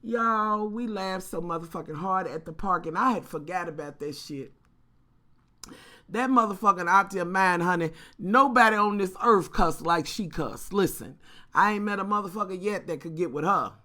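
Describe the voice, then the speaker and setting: Bright, profane woman vlogger. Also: fairly low pitch, normal speed. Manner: profane, animated, talks straight to viewers. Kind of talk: casual storytelling vlog.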